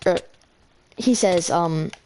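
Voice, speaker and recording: A woman's voice: lowish voice, slow pace, darkish tone, slight background noise. A teenage girl casually telling a long school story while playing a game, rambling with lots of fillers and restarts. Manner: rambling, filler-heavy, self-correcting.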